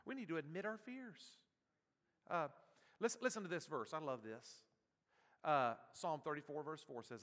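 A male pastor preaching a sermon, surging loud with passion and then dropping to a soft hush. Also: high-pitched. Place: church sanctuary. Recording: reverberant church hall with soft guitar.

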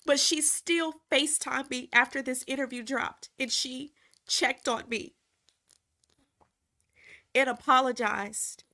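A woman in an emotional personal reflection, speaking earnestly and with frequent pauses. Her voice sits a little high and sounds bright and clear. She moves slowly, often repeating herself to drive a point home. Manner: halting and earnest, repeating phrases for emphasis. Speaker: former reality TV cast member.

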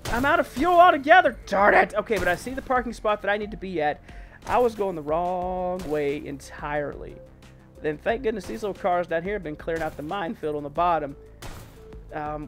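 Male gaming host, higher register, exclaiming through play over faint game music. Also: moderate pace. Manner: excitable, exclaiming, mild self-censored oaths. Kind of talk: let's play commentary.

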